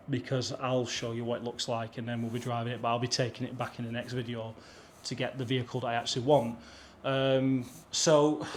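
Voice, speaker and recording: A man's voice: medium pitch, a little hiss or hum. A young British man with an English accent, chattily telling a travel anecdote to camera for his vlog, acting out the dialogue as he goes. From Britain. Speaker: travel vlogger. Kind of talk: casual storytelling to camera.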